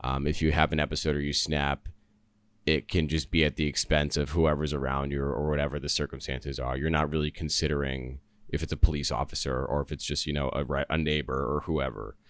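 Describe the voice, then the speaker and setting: Brief: male podcast host, very low voice, smooth and resonant, earnest solo commentary. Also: little pitch movement, fairly quick, dry recording. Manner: earnest, rambling, many fillers and restarts.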